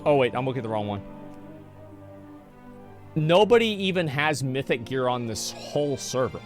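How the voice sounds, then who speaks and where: A man streaming live, ranting casually and with frequent swearing while he answers chat. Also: medium pitch. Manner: profane, exasperated ranting.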